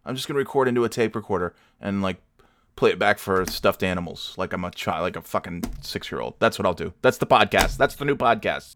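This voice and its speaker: A man with a lowish voice rants and curses through a podcast outtake, swinging between mutters and shouts. The sound is close and dry, with no room around it. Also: lively intonation, brisk, dry recording. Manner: furious, profane ranting and shouting. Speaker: podcast host.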